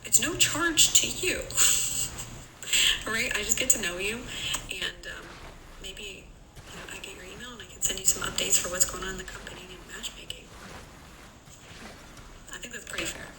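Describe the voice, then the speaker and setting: Woman, dating coach, live-stream chat; chatty storyteller, echoey room, loud background noise. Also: mid-range voice, normal speed, pauses often. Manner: chatty, acts out dialogue in anecdotes.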